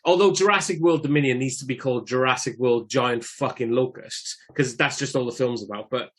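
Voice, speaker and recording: Man, podcast co-host, casual chat, dry sweary banter, mid-pitched voice. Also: a little fast, a bit bright.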